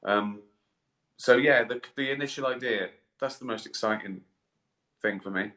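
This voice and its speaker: A middle-aged comedian answers fan questions on a live stream in a lowish, sharp-toned voice at normal speed. He rambles casually, swears freely and pokes fun at himself. The sound comes from a webcam or phone mic in an echoey room.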